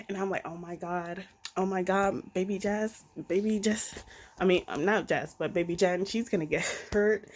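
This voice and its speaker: A woman casually reviewing a mystery novel on her channel, excited and expressive, with slang and swearing. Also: fairly low pitch. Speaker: BookTube reviewer. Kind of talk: casual book review vlog.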